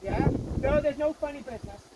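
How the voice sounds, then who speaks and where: A man's voice: extremely high pitch, brisk, heavy background noise. A man guiding a ghost walk, telling a local legend to a group in a chatty way that keeps checking in with the listeners. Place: outdoors on a walking tour.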